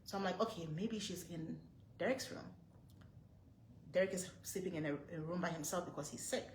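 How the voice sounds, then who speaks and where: A woman in her thirties tells her viewers about a frightening moment. She talks in a tense, breathless way, circling back over the same phrases, and her lowish voice rings off the walls of an echoey room. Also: normal speed, a little hiss or hum. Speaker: vlogger, mother. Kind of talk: storytelling to camera.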